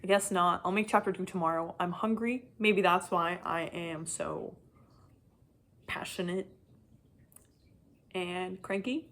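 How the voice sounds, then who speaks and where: A young adult woman giving a casual chapter-by-chapter book review, talking in an animated, frustrated rant full of "like". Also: on the low side, unhurried, long pauses. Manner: animated, frustrated ranting, heavy use of "like". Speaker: book vlogger.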